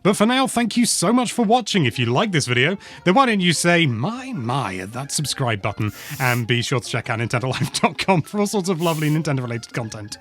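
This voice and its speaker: A man's voice: fairly high pitch, sing-song, quick pace, hardly any pauses, fairly bright tone. Rambling, self-mocking male host. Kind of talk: casual chat.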